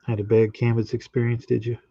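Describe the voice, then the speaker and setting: A man's voice: medium pitch, completely flat delivery, warm tone, breathy edge, dry recording. A man joining as a guest artist on a video call, chatting easily and tossing off short joking replies. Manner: easygoing, quick joking replies. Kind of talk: casual chat on a video call. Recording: dull lo-fi call audio, dry.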